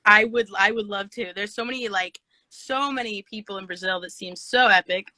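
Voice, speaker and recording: A woman's voice: mid-range voice, normal speed, pushed and bright, no echo, rough recording. A woman hosting a casual livestream chat on her phone, giggly and a little scattered as she reads out fan questions. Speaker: livestream host. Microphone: phone video stream.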